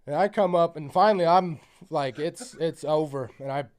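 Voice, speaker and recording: A man's voice: on the high side, normal speed, a little mellow. A man on a podcast telling a long story in a rambling, profane way, full of fillers. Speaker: podcast guest. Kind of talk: casual storytelling.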